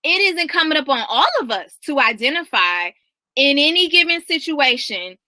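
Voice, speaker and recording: A woman's voice: high voice, animated, moderate pace, pushed and bright, no echo. A woman guest on a podcast, giving earnest and emphatic advice in a casual conversation.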